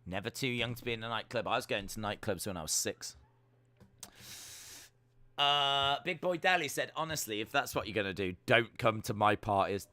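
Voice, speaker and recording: A British man hosting a live stream, reading viewer comments aloud and answering them with teasing, deadpan jokes. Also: on the low side, normal speed, pauses often, no echo. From United Kingdom. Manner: jokey, teasing, deadpan banter.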